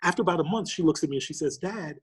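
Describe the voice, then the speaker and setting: A middle-aged man from New York, a podcast guest, telling a personal story with lively quoted dialogue. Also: fairly high pitch, rapid-fire, slightly rough. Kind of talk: storytelling interview.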